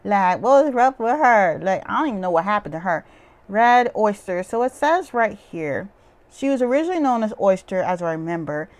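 A woman's voice: mid-range voice, big pitch swings, brisk. A woman vlogger giving a casual, opinionated recap of a reality TV show, rambling with lots of "um" and "like" fillers and blunt asides. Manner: rambling, chatty, with frequent "um" and "like" fillers.

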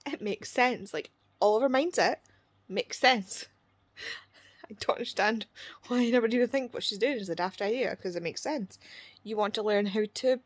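A young woman, chatting casually about a book she is reading in a vlog, retelling scenes with quoted voices and quick asides. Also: mid-range voice, dry recording. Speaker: book vlogger.

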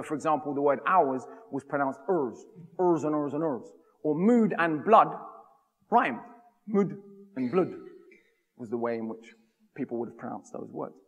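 A man's voice: on the high side, lively intonation, fairly quick. A man from the United Kingdom giving a public talk, with a rhythmic, emphatic delivery. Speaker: speaker. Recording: long hall reverb.

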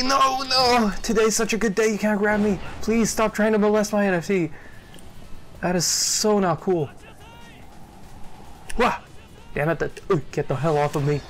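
High, bright-voiced excitable young man gaming. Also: slight background noise. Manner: excitable, swears a lot, loud outbursts and laughs. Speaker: gameplay commentator. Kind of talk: let's play commentary.

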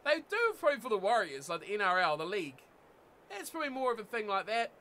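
Excitable high-voiced New Zealand gamer. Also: male voice, quick pace. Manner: excitable, yells at the game. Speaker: gaming YouTuber. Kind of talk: live gameplay commentary.

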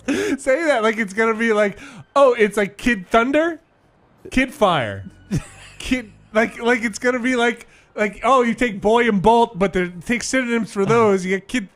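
A man's voice: extremely high pitch, animated, measured pace, fairly bright tone, soft background music. A man doing let's-play commentary, rambling through silly guesses and giggling. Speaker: gamer host.

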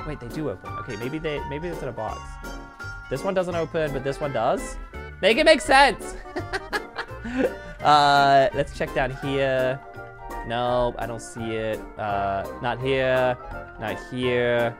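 A woman's voice: very deep voice, expressive, slow pace. A young woman hosting a game roleplay, bubbly and giggly as she plays and comments. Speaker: gaming channel host. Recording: background music, faint.

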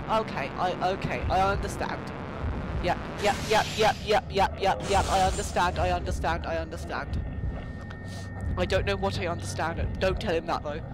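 A young man with a high, light voice chats through a horror game, rambling and joking with the ghosts on screen. The recording has a steady layer of hiss and game ambience behind him. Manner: rambling, jokey, talks to the game's ghosts. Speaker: let's play gamer. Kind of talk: casual gameplay commentary.

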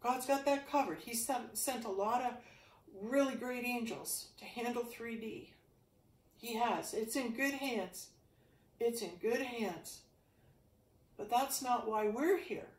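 A woman's voice: a little high, slow pace. A woman teaching a yoga class who talks about the spirit and asks earnest questions while she stretches. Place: indoor room, exercise mat. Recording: roomy sound, distant from the mic.

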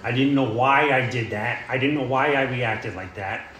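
A man's voice: mid-range voice, normal speed, noisy background. Plain-spoken man in an echoey room. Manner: plain-spoken, rambling, frequent "you know" and "uh". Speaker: AA speaker sharing his story. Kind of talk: recovery talk, storytelling.

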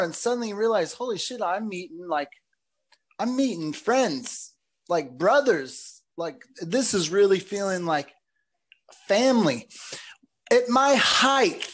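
A man with a fairly high voice tells rambling stories in a casual chat. He talks in loose, animated runs, full of "dude" and "like". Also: a little slow. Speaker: podcast host.

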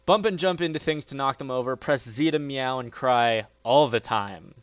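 A man's voice: mid-range voice, moderate pace, clean tone, dry recording. A man hosting a gaming channel, giving dry, understated let's play commentary.

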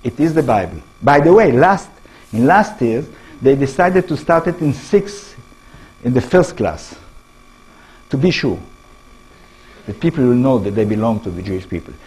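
A middle-aged man with an Israeli accent giving a public lecture in halting English, restarting phrases and putting questions to the audience. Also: mid-range voice, sing-song, darkish tone, husky, rough recording.

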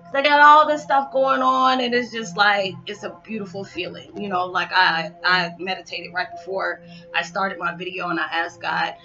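Bright, hyper young woman vlogger, emotional. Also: fairly low pitch, steady tone, moderate pace. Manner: emotional, hyper, rambling encouragement. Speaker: spiritual vlogger. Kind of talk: heartfelt motivational talk to viewers. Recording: slightly dull lo-fi sound with faint background music.

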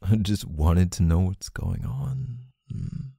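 A man in a whispered role-play as a boyfriend, talking softly and affectionately in murmurs. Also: low-pitched, lively intonation, takes it slowly, vocal fry, slightly rough, no echo, studio quality. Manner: soft, murmuring, affectionate and emotional.

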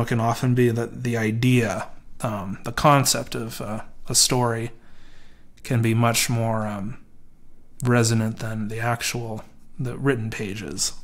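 A man giving a live reading of a classic horror story, measured and slow at tense moments. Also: medium pitch. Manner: hesitant, many fillers in his commentary. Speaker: reader.

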